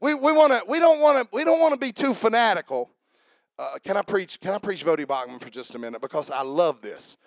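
A man's voice: high-pitched, animated, fairly quick, creaky, dry recording. A man preaching a sermon to his congregation, joking and repeating himself as he talks to people in the room by name. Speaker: pastor.

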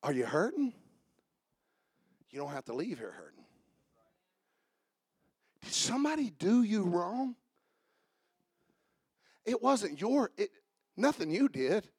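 High-voiced man preaching a sermon. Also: big pitch swings, slow pace, long pauses, slightly rough, no room sound, clean studio sound. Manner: call-and-response preaching, swinging from shouts to hushed asides. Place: church service.

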